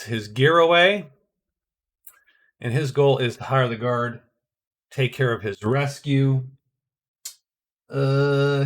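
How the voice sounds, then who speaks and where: A man's voice: medium pitch, a bit bright. Man thinking aloud through a board game. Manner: thinking aloud, hesitant with many restarts. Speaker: board game player narrating his turns. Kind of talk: casual solo game commentary.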